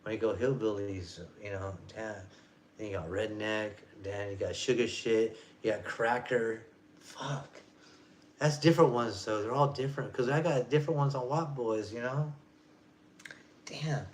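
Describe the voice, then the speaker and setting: A man's voice: on the low side, unhurried, slight background noise. A man in his forties ranting casually on a vlog, rambling and profane, in loose street slang. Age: 40s. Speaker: vlogger. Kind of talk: casual rant.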